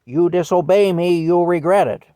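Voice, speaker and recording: A man voicing a stern, spiteful female schoolteacher, shrill and indignant as she scolds a pupil. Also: normal speed, warm tone, dry recording, natural voice. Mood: threatening.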